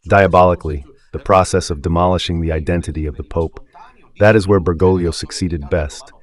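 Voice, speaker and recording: This is a radio preacher, a man with a deep voice and an Italian accent. His religious commentary is fervent and rhetorical, delivered with emphasis, and he regularly asks the audience if they understand.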